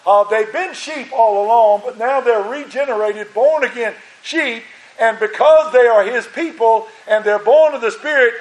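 High-pitched guy preaching, voice kinda strained, lots of repeating for emphasis, echoey church room. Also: moderate pace. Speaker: pastor. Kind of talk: sermon. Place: church sanctuary.

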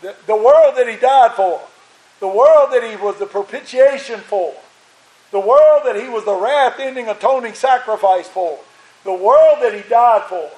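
A man's voice: very high-pitched, moderate pace, a little mellow. A male pastor preaching a sermon with emphatic, repeated phrases, his voice strained. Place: church sanctuary. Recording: echoey church room.

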